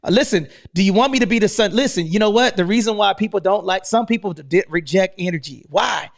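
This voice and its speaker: A high-voiced American man hosting a live online room with nonstop hype. He pushes every line loud and fast and tags "man" onto almost all of them. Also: vocal fry. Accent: American English. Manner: hyped, loud, keeps saying "man". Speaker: host.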